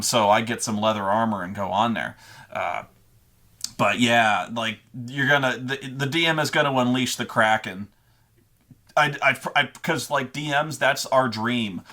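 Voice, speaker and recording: A man's voice: mid-range voice, sharp tone. Man, dungeon master, casual unscripted talk, rambling, swears a lot, stammers and restarts. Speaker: dungeon master giving gaming advice.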